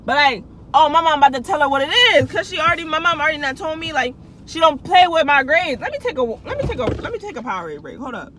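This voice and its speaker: A woman's voice: high voice, sing-song, fast, background noise. A young adult woman vlogger telling a casual storytime in a chatty, slangy way, with restarts and asides to her viewers.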